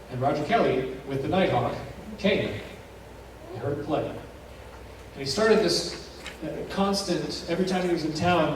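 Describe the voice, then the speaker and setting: A man preaching from the pulpit, telling a story with drama and acting out each character's lines. His voice sits a bit high for a man. It comes from some distance off in a big, echoing church with a faint hum underneath. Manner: dramatic storyteller, acts out dialogue with rising intensity. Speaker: pastor. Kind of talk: sermon storytelling. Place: church sanctuary. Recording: echoey church heard from a distance.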